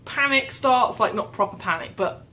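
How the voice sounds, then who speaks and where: A young woman tells a rambling, self-mocking story to her camera, her higher voice swinging widely as she acts out her own panicked thoughts. Faint background noise sits under the recording. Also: normal speed, poor audio. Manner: rambling, self-mocking, animated retelling with quoted inner voice. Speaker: vlogger. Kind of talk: casual storytelling vlog.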